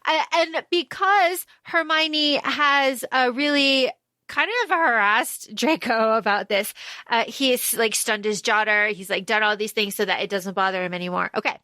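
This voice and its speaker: A woman's voice: on the high side, unhurried, sharp tone, no echo. A woman co-hosting a podcast, gushing as she retells a book and acts out the characters' lines in a casual chat. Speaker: podcast co-host.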